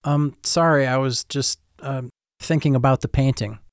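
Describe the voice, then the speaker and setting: A man voicing a shy, eager junior-high boy artist who talks hesitantly and stammers when he gets excited. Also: normal speed, clear, resonant tone, dry recording, clean studio sound, natural voice. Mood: awed, nervous. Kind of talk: audiobook-style storytelling.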